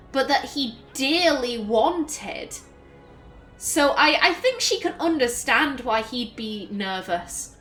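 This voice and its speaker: High-voiced northern English woman gaming. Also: fairly bright tone. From Northern England. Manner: chatty, musing aloud, self-correcting. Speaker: let's play host. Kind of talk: gameplay commentary.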